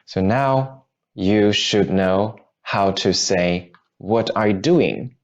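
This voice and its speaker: Slow-talking guy teaching grammar, goes over each example twice, kinda muffled audio. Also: lowish voice. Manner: patient, explains with repeated examples. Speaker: language teacher. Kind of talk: grammar lesson.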